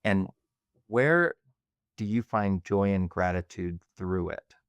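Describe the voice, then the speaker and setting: A man hosting a podcast, speaking in a measured, reflective way with small hesitations. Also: low voice, clean tone, no echo, lo-fi sound. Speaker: podcast host. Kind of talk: reflective conversation.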